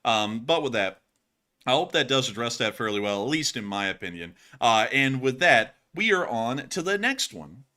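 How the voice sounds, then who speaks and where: Bright-voiced, animated male news host. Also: mid-range voice, normal speed. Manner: rambling, heavy use of "like" fillers; opinionated and animated. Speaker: show host. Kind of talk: casual news commentary.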